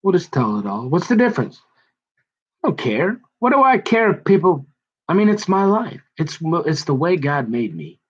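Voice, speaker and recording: Rambling comic man, slightly high voice. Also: big pitch swings, moderate pace, dull audio. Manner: rambling, self-mocking, slips into put-on voices. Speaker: comedian.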